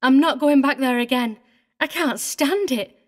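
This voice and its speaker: A woman's voice: high voice, measured pace. A woman voicing a prim, tearful older female governess who speaks with fussy, indignant precision. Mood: upset. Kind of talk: audiobook character reading.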